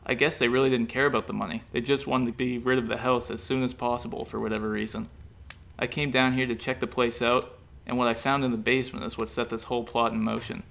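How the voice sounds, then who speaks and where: A man's voice: mid-range voice, little pitch movement, fast, vocal fry, a bit bright, slight background noise. A man reading a story aloud, voicing a nonchalant young man who speaks in an offhand, shrugging way.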